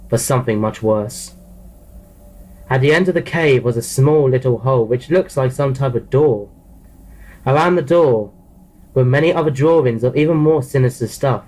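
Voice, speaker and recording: A man's voice: medium pitch, darkish tone, low-quality recording. A man narrating a horror story in the first person, reading plainly with frequent restarts and repeated words.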